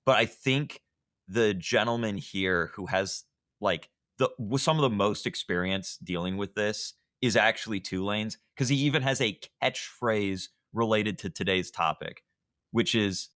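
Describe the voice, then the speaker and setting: A man's voice: fairly low pitch, measured pace, a bit bright, dry recording, studio quality. A man co-hosting a podcast about card games, talking in a sarcastic, emphatic casual rant. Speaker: podcast co-host, game publisher. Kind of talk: casual ranting chat.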